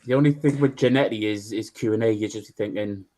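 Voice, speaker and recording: Fast-talking low-voiced man. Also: dark tone, slight background noise. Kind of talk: casual chat.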